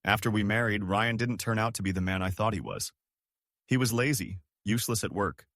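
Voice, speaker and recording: A man's voice: fairly low pitch, fairly quick, a bit bright, no room sound, clean studio sound. A man voicing a remorseful ex-wife who pleads in a trembling voice. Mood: pleading. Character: tearful remorseful ex-wife, adult woman.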